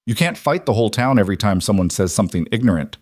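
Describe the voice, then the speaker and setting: A man voicing a quiet cowboy who speaks in a calm, measured and firm way. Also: lowish voice, dry recording, studio quality.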